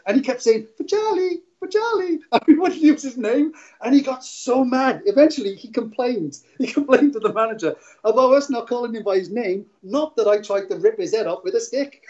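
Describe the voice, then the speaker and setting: Middle-aged man, rambling storyteller who laughs often; lightly raised pitch, muffled lo-fi recording. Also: darkish tone. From Wales. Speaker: guest, casino dealer. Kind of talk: casual interview storytelling. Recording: dull lo-fi audio.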